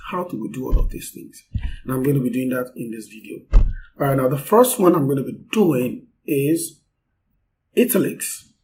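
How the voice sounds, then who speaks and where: Brief: male tutor talking through a coding lesson off the cuff, warm and mellow tone, faint room ambience behind. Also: mid-range voice, a little hiss or hum, rough recording. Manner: unscripted, explaining step by step with fillers. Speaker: coding instructor. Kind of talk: screen-recorded coding tutorial.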